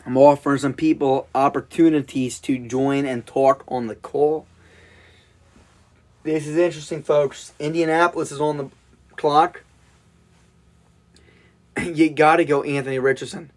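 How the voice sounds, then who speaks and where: A man with a high voice calls out live reactions as the picks come in. He is excitable and emotional and repeats lines over and over. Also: unhurried, pauses often. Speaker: live draft commentator.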